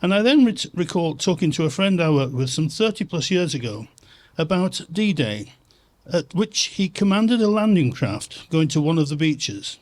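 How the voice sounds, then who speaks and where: A man with a fairly high voice delivers a formal speech into a microphone. He speaks in a steady, measured way, as a chairman addressing his guests. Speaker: chairman of trustees.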